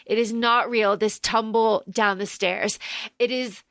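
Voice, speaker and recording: A woman's voice: fairly high pitch, unhurried, no echo, studio quality. A woman co-hosting a podcast, recapping a film in casual chat and acting out the characters' lines with lots of swearing. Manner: animated retelling, acting out lines, swearing freely. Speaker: podcast co-host.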